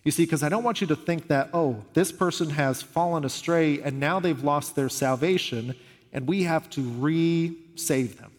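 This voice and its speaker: A man delivering a sermon with a somewhat high voice. He talks in an earnest, conversational way and tells the stories with animation. His voice rings out with a long reverb, as in a large hall. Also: normal speed. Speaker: pastor.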